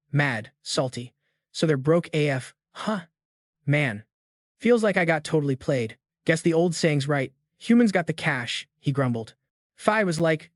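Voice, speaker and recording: A man tells a comic story in loose, slangy narration. His voice sits a bit high. The sound is dry and close, with no room around it. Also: no room sound. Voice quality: casual slangy delivery. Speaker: recap narrator.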